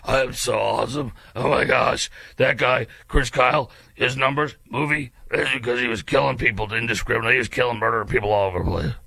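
A man mockingly putting on the voice of a smug, self-admiring male critic, sneering and rushed. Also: medium pitch, steady tone, vocal fry, pushed and bright, slightly rough, no room sound, heavily acted.

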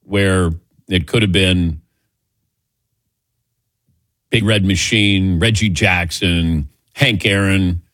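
A man's voice: sits low, steady tone, slow pace, fairly bright tone, no room sound. A man in his sixties hosting a call-in sports radio show, chatty and laughing easily as he tells stories. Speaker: radio sports talk host.

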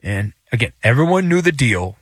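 A man's voice: mid-range voice, moderate pace, breathy edge, dry recording, studio quality. A man hosting a sports talk show, giving sarcastic, opinionated commentary and mocking the team he discusses. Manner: animated, sarcastic, mocking quarterbacks and owners.

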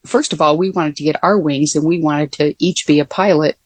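A woman's voice: sits low, fairly even intonation, fairly quick, dry recording. An older woman, a former Air Force pilot, telling stories in a casual interview with many fillers and restarts.

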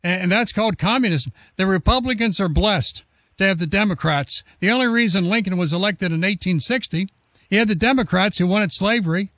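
A man hosting political talk radio, laying out points in a steady, lecturing way. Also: high voice, fairly quick, dry recording, clean studio sound.

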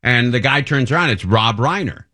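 A man's voice: medium pitch, moderate pace. Rambling chatty male radio host. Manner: relaxed rambling storyteller with restarts. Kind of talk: casual chat.

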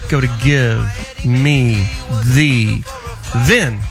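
Playful radio host over music. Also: male voice, medium pitch, extremely slow. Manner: playful, rattles off call-in number sing-song. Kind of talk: talk radio hosting.

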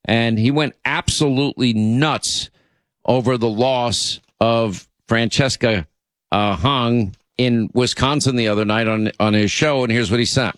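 A man's voice: mid-range voice, measured pace, a bit bright, no echo, studio quality. A man hosting a talk radio show, delivering an indignant opinion monologue full of restarts and asides. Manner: indignant, repeats himself, frequent uh and you know.

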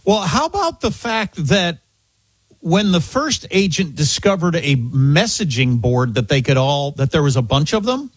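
Man, radio co-host, excitable banter with lots of pitch movement, dry close mic. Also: a little slow, breathy edge, no room sound. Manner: animated, excitable, repeats himself.

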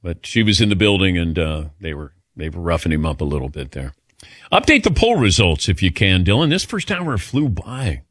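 A man hosting a sports talk radio show, relaxed and conversational, bantering with callers and crew. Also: sits low, normal speed, dry recording, clean studio sound.

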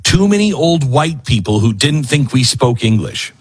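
A man's voice: medium pitch, big pitch swings, normal speed, breathy edge. A man hosting a casual news commentary show, sarcastic and acting out the people he quotes. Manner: sarcastic, acts out quotes in other voices.

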